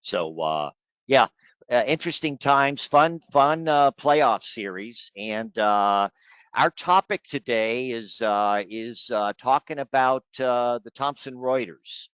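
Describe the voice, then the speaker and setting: A man's voice: medium pitch, lively intonation, slow, fairly bright tone, smooth, no room sound, highs cut off. A man hosting a webinar, chatty and joking, with lots of fillers, on a video call. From Florida. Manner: jokey, chatty, with many fillers. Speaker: webinar host.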